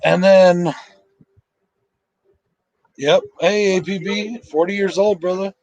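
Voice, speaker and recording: A man's voice: sits high, fairly even intonation, slow pace, darkish tone, dull audio. A man hosting a casual live movie commentary, tired and sleepy, talking in a rambling, emotional and profane way with lots of fillers.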